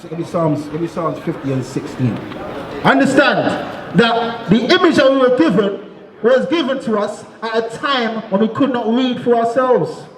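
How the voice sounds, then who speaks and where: A man preaching to a crowd in the street, shouting and calling on listeners to answer, asking again and again if they understand. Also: very high voice, lively intonation, moderate pace. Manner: repeats "you understand?". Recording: echoey, crowd noise behind.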